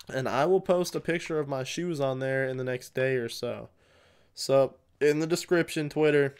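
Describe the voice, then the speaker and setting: A man's voice: medium pitch, steady tone, fairly quick, darkish tone, clean tone. A young man casually chatting with his viewers during a gaming livestream, rambling and answering chat while he plays. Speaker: live streamer.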